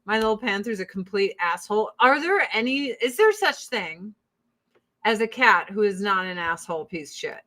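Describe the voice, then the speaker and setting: Woman host, casual stream talk: cussing and blunt, sliding into soft baby talk for her pets, middle-pitched voice. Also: lively intonation, normal speed. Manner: blunt and profane, coos to her cats. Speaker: host talking to her online audience. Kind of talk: casual livestream chat.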